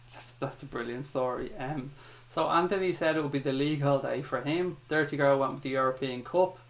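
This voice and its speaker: A man hosts a casual fan chat on a livestream. He talks in a relaxed, chatty way and reads viewer comments aloud in a middling voice. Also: mid-range voice, fairly quick. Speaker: host of fan chat show.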